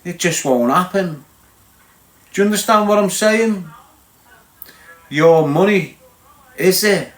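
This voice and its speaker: A livestream host with a Liverpool accent rants casually and bluntly at his live viewers, lecturing them and repeatedly asking whether they understand. His high-pitched voice is slow and a bit bright, with frequent pauses, and the room sounds echoey.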